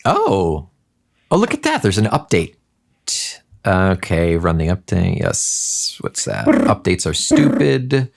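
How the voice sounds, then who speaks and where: Hesitant, bemused male co-host with a lively, wide-ranging pitch. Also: slow pace, gravelly. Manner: bemused, hesitant, filler-heavy. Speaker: podcast co-host. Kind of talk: casual podcast chat.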